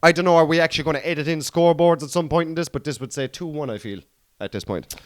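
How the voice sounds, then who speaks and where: A man's voice: a little high, fast talker, heavy background noise. An Irish man hosting a casual podcast, chatty and laughing often, with "like" and "lad" in every other phrase. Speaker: podcast host.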